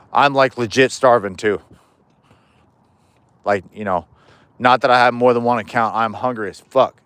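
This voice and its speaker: A man's voice: medium pitch, takes it slowly, long pauses, a bit bright, dry recording. A man chatting casually on a livestream as he walks home outdoors, rambling, cracking jokes and swearing freely, recorded on a chest-mounted camera. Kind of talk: casual live chat. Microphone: chest-mounted POV camera.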